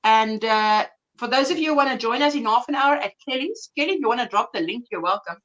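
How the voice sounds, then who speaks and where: South African woman, high and bright, easy chatter as a livestream host. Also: expressive, fast, dull audio. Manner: chatty, reads out viewer comments. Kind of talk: casual chat.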